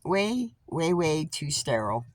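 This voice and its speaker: A woman talks slowly to her camera, her low voice swinging in pitch as she makes her points. She is blunt and swears freely. The sound is dry and close. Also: big pitch swings, no echo. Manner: coos high-pitched baby talk to her pet birds; blunt and profane, says y'all. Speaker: vlogger. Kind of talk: casual chat to camera. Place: at home with pet birds. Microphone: camera on a tripod.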